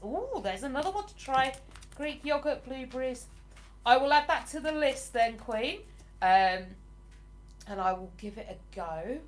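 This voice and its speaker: A woman's voice: mid-range voice, expressive, normal speed. A young woman, chatting casually on a home live stream as she reads out viewer comments, rambling a little with plenty of ums. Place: at home in a living room.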